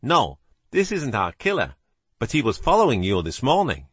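A man's voice: mid-range voice, wildly swooping pitch, moderate pace, fairly bright tone, husky, no echo, exaggerated voice. A man doing a dry, precise British detective. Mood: cool, assured. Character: composed older male actor playing the great detective.

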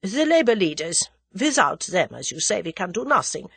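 A woman's voice: lowish voice, very animated, moderate pace, vocal fry, a bit bright, slightly rough, no room sound, full character voice. A woman doing a clipped German conspirator. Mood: formal. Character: German conspirator man, precise and formal.

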